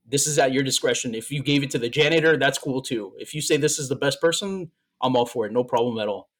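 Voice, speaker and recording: Talking fast in a mid-range voice, a male podcast co-host spins out a long story in casual conversation. He rambles, repeats words, and doubles back, coming across as moved and a little short of breath.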